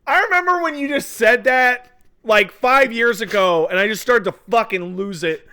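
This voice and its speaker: Bright-voiced excitable man, crisp and smooth. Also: very high voice, normal speed. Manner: excitable, laughs easily at his own jokes. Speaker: podcast co-host. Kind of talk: casual chat.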